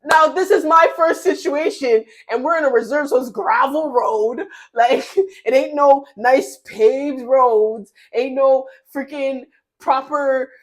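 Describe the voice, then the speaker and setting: A young woman vlogger telling a casual, animated story in her kitchen while baking. She talks in a slangy, candid way and laughs often. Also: high-pitched, takes it slowly.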